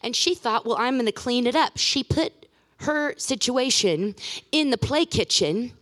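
Animated woman preaching with chatty stories. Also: a little high, measured pace. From Pacific Northwest of the US. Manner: chatty, animated storyteller with self-deprecating humor. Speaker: guest speaker. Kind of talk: sermon with personal stories. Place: church sanctuary.

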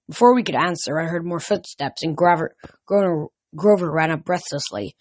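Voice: mid-range voice, expressive, normal speed, no room sound. Casual first-person story reader, dry. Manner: casual, with slips and restarts. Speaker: audiobook reader.

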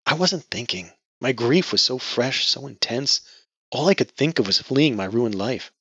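A grieving young woman, bitter and defiant, her voice raised close to tears, as a male narrator puts her on. The voice is tense and breathy, recorded dull and lo-fi. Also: mid-range voice, lively intonation, normal speed, a bit bright, no echo, voice pushed up. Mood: anguished. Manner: emotional, raised voice near tears. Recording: dull lo-fi audio.

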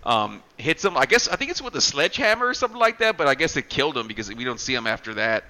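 A man's voice: very animated, quick pace, bright, forceful tone, low-quality recording. A man recapping a horror movie in casual chat, rambling and swearing, acting out quotes. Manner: rambling, profane, acts out quotes with rising pitch.

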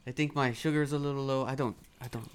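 A man's voice: medium pitch, steady tone, fast, clean tone, close to an everyday voice. A man playing a dazed, shaken young adventurer who sounds confused and trails off.

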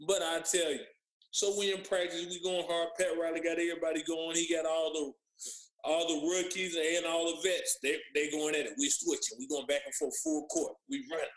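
A man telling lively stories from his playing days in casual chat, acting out what others said. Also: fairly high pitch, fairly quick, reverberant, rough recording. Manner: animated storyteller, acts out others' lines. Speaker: former pro basketball player guest. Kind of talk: casual storytelling on a podcast.

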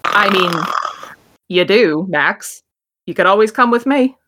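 A woman's voice: mid-range voice, expressive, unhurried, background noise, natural voice. A woman voicing a dapper young man in a tailored suit, attempting an Irish accent and talking in a coaxing, confidential way.

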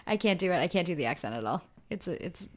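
A woman's voice: on the low side, sing-song, fast. Giggly, overtired young woman. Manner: chatty and giggly, with many fillers and restarts. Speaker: podcast co-host. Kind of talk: casual chat.

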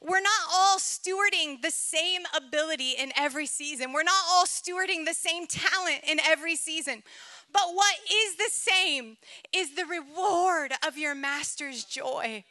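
A woman preaching a sermon, telling a personal story in an animated, emotional way and laughing often. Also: very high-pitched, measured pace, dry recording.

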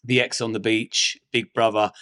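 A man hosting an interview, asking calm, probing and sympathetic questions. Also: on the low side, moderate pace, no room sound, clean studio sound. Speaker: podcast host.

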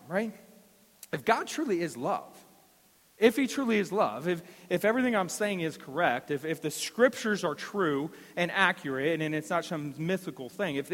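A man's voice: fairly high pitch, a bit bright, in a large hall. A man preaching a sermon, telling a personal story and driving points home with emphatic repetition. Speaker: pastor.

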